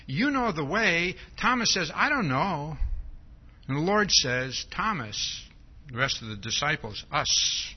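A male pastor preaches in a loose, conversational teaching style, his voice rising and falling widely. His tone is fairly high and a little husky. The recording sounds dull and lo-fi. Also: big pitch swings, measured pace. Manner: conversational, keeps asking "See?". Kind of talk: expository sermon.

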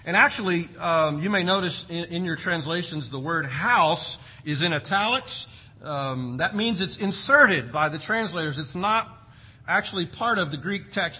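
A man's voice: high-pitched, moderate pace, sharp tone, husky, low-quality recording. A man preaching an expository sermon, emphatic, asking rhetorical questions and stretching out key words for stress.

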